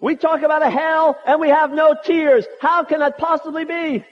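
A man's voice: extremely high pitch, fairly even intonation, moderate pace. A man preaching a sermon with impassioned, rhetorical repetitions. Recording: muffled audio with long hall reverb.

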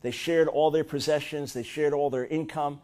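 Middle-aged male preacher, high voice, lively storyteller, punches up quoted lines. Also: moderate pace. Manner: animated storytelling, rising to loud high-pitched bursts when acting out quotes. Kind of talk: sermon.

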